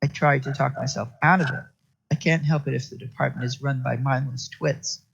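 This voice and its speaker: Man reading a tough sharp-tongued female detective, gravelly, lo-fi sound. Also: mid-range voice, steady tone, fairly quick. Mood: sarcastic. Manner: snappish, profane banter.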